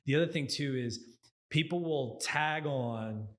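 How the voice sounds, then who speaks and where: A man's voice: mid-range voice, a little slow. A man with a Texan accent hosting a casual business interview, encouraging the guest and calling him brother. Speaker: host, business lawyer.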